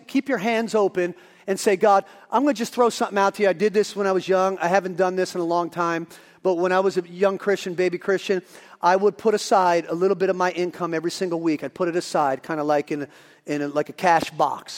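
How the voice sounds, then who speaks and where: A man preaching a sermon as pastor, moving from quiet asides to shouting. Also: sits high, long reverb tail. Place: church.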